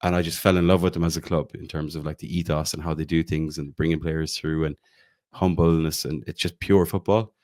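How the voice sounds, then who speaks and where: Irish man, very low voice, galway, casual podcast chat, rambling, self-correcting. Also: steady tone, fairly quick, darkish tone. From Ireland, County Galway. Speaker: podcast co-host.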